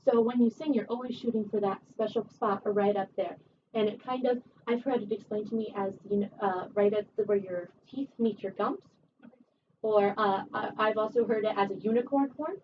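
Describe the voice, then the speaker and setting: A woman voice teacher giving a one-on-one singing lesson, chatty and encouraging, her voice a little rough from a recent cold. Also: mid-range voice, moderate pace. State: recovering from a cold. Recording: distant, dull camera audio with faint hiss.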